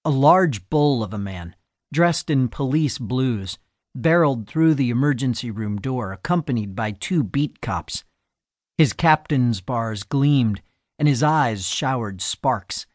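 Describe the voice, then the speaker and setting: A man's voice: medium pitch, lively intonation, slow pace, no echo. Man narrating an audiobook, dry close sound. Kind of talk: scripted narration.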